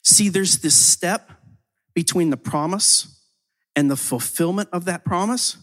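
A man with a somewhat high voice preaches as he recounts a testimony. His storytelling is loose and conversational. He leans on "like" fillers and repeats words as he goes. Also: a little slow, a bit bright. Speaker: ministry leader. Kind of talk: sermon testimony.

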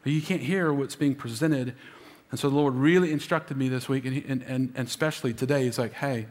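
A man's voice: medium pitch, a little fast. Guy pastor preaching easter sermon, pumped up, gets the crowd answering back, big echoey church. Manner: energetic, calls for congregation responses. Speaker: lead pastor. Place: large church auditorium. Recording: long hall reverb.

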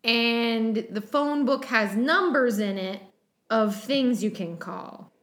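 A woman's voice: on the high side, takes it slowly, fairly bright tone. Chatty, rambling woman podcast co-host. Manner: chatty, rambling, full of likes and ums. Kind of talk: casual chat about a TV episode.

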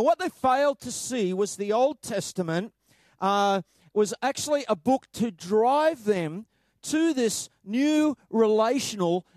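A man preaching a sermon as pastor, halting often with fillers and reading scripture aloud with rising emphasis. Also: high-pitched, darkish tone, no room sound.

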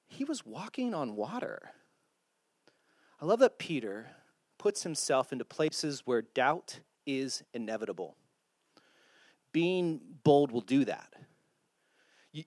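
Male pastor, animated sermon delivery, bright upper voice, big pitch swings. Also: no echo, studio quality. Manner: animated, acts out quotes in voices.

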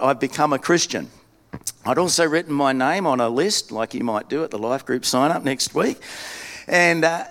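A man with an Australian accent preaching a sermon in a relaxed, storytelling way, often restarting his sentences. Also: a little high. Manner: conversational, self-deprecating storytelling with frequent restarts. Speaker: pastor.

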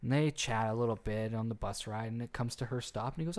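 Talking fast at a medium pitch, a podcast co-host casually tells an urban legend in a storytelling chat, wandering off track with constant restarts and fillers.

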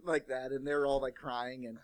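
A man's voice: mid-range voice, flat delivery, brisk, no room sound. A man co-hosting a podcast, teasing and swearing as he retells scenes in casual chat.

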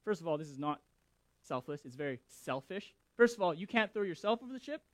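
A man preaching who reads scripture and comments on it in an animated, emphatic way, often repeating his words. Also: a little high, a little fast, no room sound. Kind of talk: scripture reading and sermon commentary.

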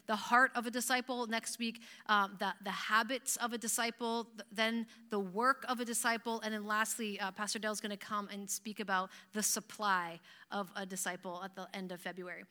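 A Canadian woman preaching a sermon to her church, chatty and animated and often laughing. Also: fairly high pitch. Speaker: pastor.

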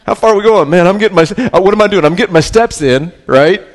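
A man's voice: quick pace, big-room sound. A pastor voicing a frustrated, complaining man who is going nowhere, in a raised, whining voice. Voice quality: high, loud and complaining. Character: whiny frustrated man wandering in circles.

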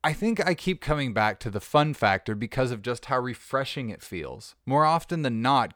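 A man's voice: mid-range voice, fairly bright tone, no echo. A man hosting a podcast, talking casually in a rambling, jokey way with restarts, recorded in a studio. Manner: rambling, self-interrupting, jokey. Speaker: podcast host. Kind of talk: casual monologue.

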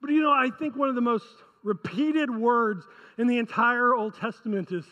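A man's voice: extremely high pitch, normal speed, big-room sound, lo-fi sound. A male pastor preaching a conversational sermon, often asking the congregation rhetorical questions.

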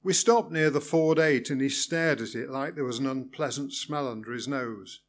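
A man's voice: medium pitch, moderate pace. A man reading a first-person story aloud in a wry, good-humoured way. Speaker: narrator.

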